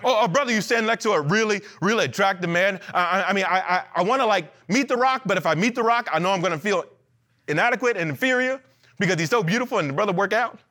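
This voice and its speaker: A man preaching an animated, emphatic sermon to a church, repeating lines and joking between points. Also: high-pitched, quick pace. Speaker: pastor.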